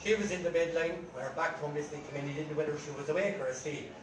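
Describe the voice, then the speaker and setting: Irish male storyteller, lively comic patter, distant mic, roomy hall. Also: a little high, racing, background noise. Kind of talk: telling jokes to a live audience. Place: large room at a rambling night. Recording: echoey room from far off, crowd. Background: audience laughing.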